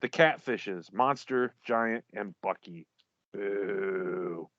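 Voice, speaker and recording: A man's voice: fairly high pitch, very animated, measured pace, dull audio. A man co-hosting a casual podcast, reading out league champions while stumbling over names and laughing at himself.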